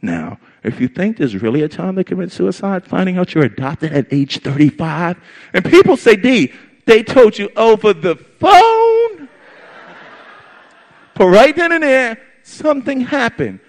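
Animated man telling a story. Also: high-pitched, normal speed. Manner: animated, emphatic, repetitive storytelling. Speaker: storyteller on stage. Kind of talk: personal story told to an audience.

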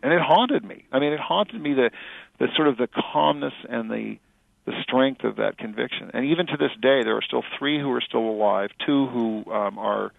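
A middle-aged male author and journalist answering interview questions in a thoughtful, halting way with many fillers and restarts. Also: mid-range voice, gravelly, no room sound. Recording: dry tinny phone-like radio audio.

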